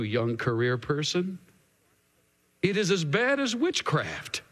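A man's voice: medium pitch, a bit bright, big-room sound. A man preaching a sermon as a pastor, earnest and emphatic, repeating his key lines for weight.

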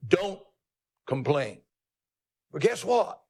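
A male pastor preaching a sermon in an emphatic, folksy, teasing manner, jumping his pitch up for emphasis. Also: big pitch swings, drawn-out words, darkish tone, husky.

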